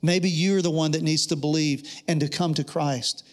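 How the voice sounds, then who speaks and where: A man's voice: on the high side, steady tone, normal speed. A man preaching a sermon, telling a personal story in an earnest way and acting out the dialogue. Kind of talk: sermon testimony.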